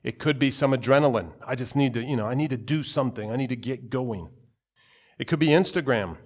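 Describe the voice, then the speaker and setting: A man's voice: medium pitch, a little fast. A male pastor giving a conversational sermon, telling personal stories with asides and acting out quoted voices.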